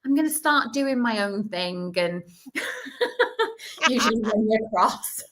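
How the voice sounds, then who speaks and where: A woman with a Yorkshire accent and a slight Welsh lilt talks on a live video stream. Her voice is bright and clear, and she rambles happily from one thought to the next with plenty of quick asides. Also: a little high, big pitch swings. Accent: Yorkshire, with a slight Welsh twang. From Yorkshire, England. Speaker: guest psychic. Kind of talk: casual chat on a live stream.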